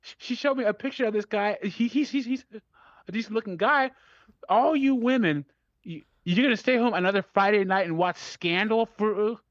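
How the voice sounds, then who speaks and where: A man's voice: sits high, fairly bright tone, dry recording. A man co-hosting a call-in show, lecturing in an opinionated way and stumbling over repeated words. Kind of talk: casual talk-show commentary. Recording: dry, dull audio.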